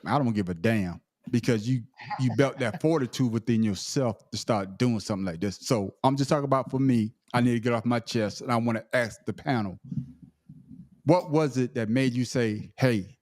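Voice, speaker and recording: A man hosting a podcast panel talks in a loose, rambling way and doubles back on his words. His voice sits at an everyday pitch, and the recording is close and dry with no room sound. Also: darkish tone, no echo. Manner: loose, rambling, repeats himself. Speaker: podcast host. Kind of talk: casual panel chat.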